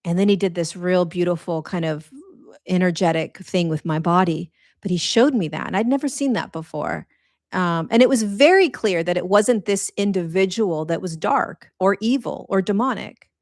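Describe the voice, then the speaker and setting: A middle-aged woman talks earnestly to her followers about spiritual matters, rambling and casual, often restarting her sentences. Her voice sits a little low. The sound is close and dry, with no room around it. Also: normal speed, no room sound. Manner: earnest, rambling, conversational with many restarts and fillers. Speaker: spiritual teacher.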